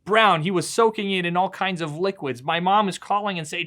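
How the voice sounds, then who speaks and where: Preaching a short devotional sermon, a pastor speaks in a high, pushed, bright voice at a moderate pace with few pauses. He tells his stories earnestly, often repeating words along the way.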